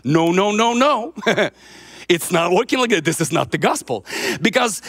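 Male preacher, fairly high voice, swooping delivery, hammers his points with repeated words. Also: animated, moderate pace, fairly bright tone. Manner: emphatic, repeats himself for stress. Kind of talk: informal sermon.

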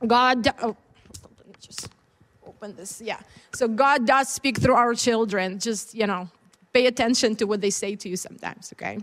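A woman's voice: on the high side, fairly even intonation, moderate pace, a bit bright, in a large hall. A woman preacher and mother giving a candid, conversational testimony in a sermon, with many fillers and restarts. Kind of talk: personal testimony within a sermon. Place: church service.

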